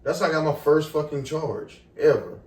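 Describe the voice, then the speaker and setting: Animated young man, slightly high voice. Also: normal speed. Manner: animated, profane, acts out the people in his story. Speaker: podcast co-host. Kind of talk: casual storytelling. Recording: echoey room, far from the mic.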